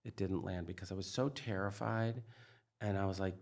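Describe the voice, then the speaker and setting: A middle-aged man with a slightly low voice talks openly as a trauma expert guest. He is earnest and emphatic, circling back with "like" and "you know" as he explains. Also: steady tone, normal speed, vocal fry, darkish tone. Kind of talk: candid interview conversation.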